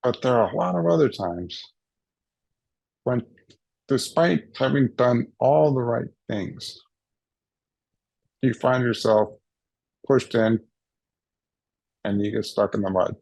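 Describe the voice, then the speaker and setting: A man's voice: medium pitch, expressive, takes it slowly, gravelly, pauses often, a little mellow, dry recording. A man telling a funny personal story at a summit, playfully acting out the voices he quotes. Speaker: summit speaker. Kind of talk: humorous personal storytelling talk. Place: recorded for a virtual summit.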